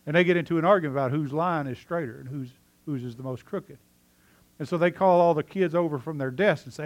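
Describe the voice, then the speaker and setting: A male pastor preaching a sermon, telling a story with lively swings between loud animated passages and quiet, earnest asides. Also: on the high side, quick pace.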